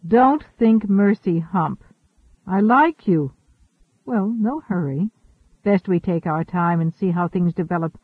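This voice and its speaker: A man reading the lines of a gentle, wise woman space traveler in an audiobook. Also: high voice, slow, husky, no room sound, heavily acted. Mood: reflective. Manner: gentle, reasoning. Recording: thin phone-like dry audio.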